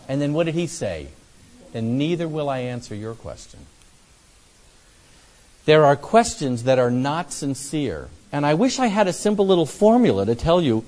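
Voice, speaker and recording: A man preaching a conversational sermon on evangelism, acting out both sides of imagined conversations with fillers and restarts. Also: fairly high pitch. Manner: animated, acts out both sides of dialogues.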